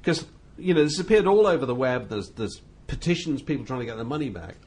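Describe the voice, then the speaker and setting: A man co-hosting a casual studio chat, rambling and animated, laughing often. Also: mid-range voice, quick pace, slightly rough. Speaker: co-host.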